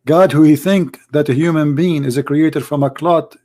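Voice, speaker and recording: A hoarse man, his voice nearly gone, hosts a livestream of religious polemic and debate. He speaks emphatically in broken English, firing off rhetorical questions, with a fairly high, mellow voice, steady tone and moderate pace.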